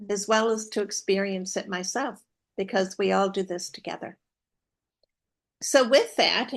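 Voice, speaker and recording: A woman co-hosts a live spiritual talk show. She teaches slowly and earnestly, leaning on repeated words for emphasis. Her voice sits a little high. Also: creaky, a bit bright. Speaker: co-host.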